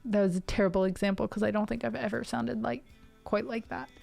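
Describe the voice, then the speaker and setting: Faint music sits behind a music streamer in her twenties as she chats loosely to her live stream, full of fillers and side topics. She comes from Ohio and speaks with a neutral General American accent. Her mid-range voice is brisk, steady, creaky and somewhat dark.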